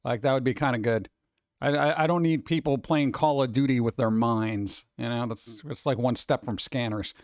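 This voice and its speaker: A man's voice: mid-range voice, normal speed, no room sound. Casual streamer guy reading chat, rants with rhetorical questions, dead-dry room. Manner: chatty, ranting, rhetorical questions.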